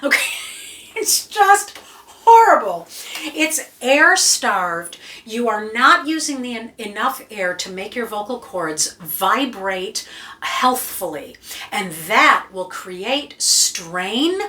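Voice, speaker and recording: A woman's voice: medium pitch, lively intonation, takes it slowly, bright, forceful tone, reverberant, far from the mic. A woman vocal coach giving an emphatic teaching talk to camera, checking in with her listeners all the time. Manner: emphatic, keeps checking in with "right?" and "okay?".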